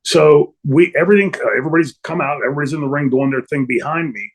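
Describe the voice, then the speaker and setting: Husky middle-aged man telling a story. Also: a little high, quick pace, poor audio. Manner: rambling, many fillers and restarts. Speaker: interview guest, former wrestler. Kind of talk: shoot interview storytelling.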